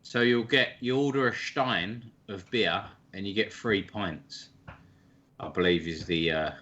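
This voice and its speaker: A man's voice: fairly low pitch, measured pace, pushed and bright, highs cut off. A man chatting casually on a livestream, swearing freely in blokey banter. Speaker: stream co-host. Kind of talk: casual chat.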